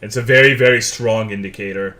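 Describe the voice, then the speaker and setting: His voice sits fairly low, with fairly even intonation, a slightly quick pace, and a bright, forceful tone. The young streamer jokes with his audience, curses freely, and reads out their chat messages.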